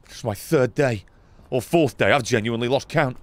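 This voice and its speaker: A young man giving sarcastic, swearing commentary while playing a game, with sudden loud outbursts. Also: mid-range voice, normal speed, no room sound. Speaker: gaming YouTuber. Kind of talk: let's play commentary.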